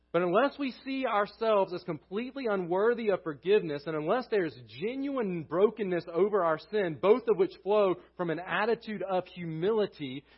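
Pastor, male, high voice, earnest sermon delivery, trailing off low at line ends, muffled lo-fi sound. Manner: earnest preaching, voice dropping low at phrase ends.

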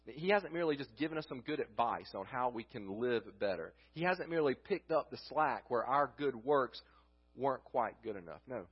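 Male pastor, mid-range voice, breathy edge; conversational sermon delivery on a dull church recording. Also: medium pitch, expressive, normal speed. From United States. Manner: conversational preaching with rhetorical questions and restarts. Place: church sanctuary.

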